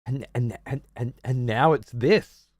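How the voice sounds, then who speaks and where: Australian streamer, foul-mouthed rambling rant, dry close sound. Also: male voice, mid-range voice, unhurried, darkish tone, no echo. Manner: profane, rambling, sarcastic. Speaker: livestreamer. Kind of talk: casual livestream rant.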